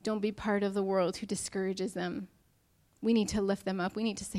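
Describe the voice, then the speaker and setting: A woman's voice: medium pitch, little pitch movement, brisk, a little mellow. A young woman preaching a sermon to her church, earnest and emotional as she speaks to the congregation.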